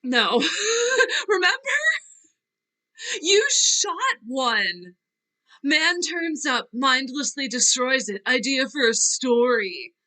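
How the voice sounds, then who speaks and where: A woman's voice: high voice, a little slow, hardly any pauses, sharp tone, low-quality recording. A woman playing Nina, a fragile, restless young actress, in a virtual play reading; she wavers and trails off, tearful as she speaks. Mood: wistful. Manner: wavering, laughing through tears, trailing off. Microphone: video call.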